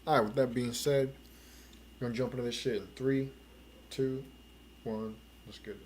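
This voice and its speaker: A man's voice: mid-range voice, fairly even intonation, moderate pace, slight background noise. A man hosting a reaction stream, talking in a laid-back, slangy way and swearing freely. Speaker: reaction show host. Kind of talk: casual streaming chat.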